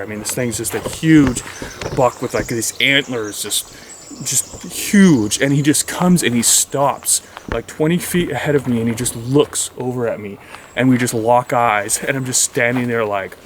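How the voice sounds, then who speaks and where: A man vlogging as he walks through the forest, telling a rambling story and now and then talking to his dog in a higher voice. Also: moderate pace, background noise. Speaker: outdoor vlogger. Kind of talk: casual walking narration. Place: forest outdoors. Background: faint outdoor nature sounds, birds.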